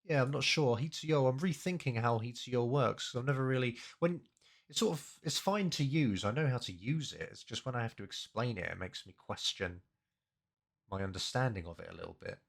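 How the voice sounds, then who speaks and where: A man's voice: mid-range voice, animated, a little fast, creaky. A man casually breaking down language and grammar, thinking aloud with many fillers and self-corrections. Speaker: language learning streamer.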